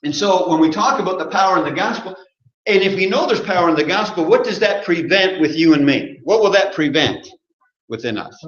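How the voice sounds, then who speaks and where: A man's voice: high-pitched, lively intonation, a little fast, fairly bright tone. A man preaching an interactive sermon from a church pulpit, asking the congregation questions and joking along the way. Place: church sanctuary. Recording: roomy muffled church recording.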